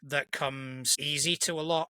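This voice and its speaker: A man's voice: on the high side, steady tone, unhurried, sharp tone, clean tone, dry recording, clean studio sound. A man co-hosting a casual live-streamed podcast, earnest and reflective, often restarting with "you know". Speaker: podcast co-host.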